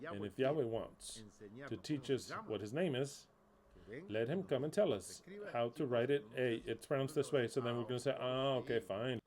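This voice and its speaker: A man's voice: medium pitch, warm tone. A man preaching an informal sermon in a blunt, emphatic way, full of profanity.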